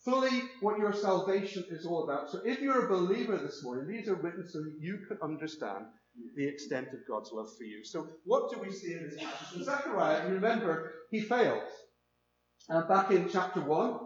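A man preaching with a high, earnest voice that repeats key phrases for emphasis. His sermon rings through a large echoing church, and the recording sounds somewhat dull and lo-fi. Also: sing-song, brisk, a little hiss or hum. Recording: echoey, dull lo-fi room recording.

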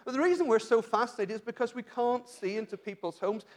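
High-voiced earnest British preacher. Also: male voice, fast. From Britain. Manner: earnest, asks rhetorical questions, frequent restarts. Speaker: pastor. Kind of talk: sermon.

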